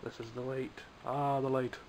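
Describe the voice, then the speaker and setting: A man's voice: medium pitch, flat delivery, moderate pace, darkish tone, a little hiss or hum, rough recording. A man with a Scottish accent, chatting casually and self-mockingly while showing off toys he bought. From Scotland. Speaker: toy collector vlogger. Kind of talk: casual show-and-tell vlog.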